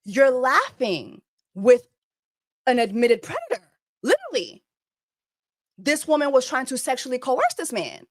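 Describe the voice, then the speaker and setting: A woman's voice: high-pitched, huge pitch swings, moderate pace, no room sound, clean studio sound. A woman hosting a reaction commentary, talking emphatically and repeating phrases to drive her point home. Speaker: host.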